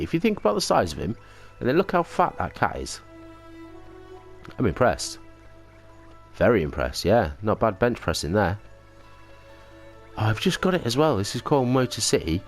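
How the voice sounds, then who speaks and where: A man doing casual, sarcastic commentary over a video game he is playing, swearing freely. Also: deep voice. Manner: sweary, sarcastic, jokey asides. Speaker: let's play gamer. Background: game music.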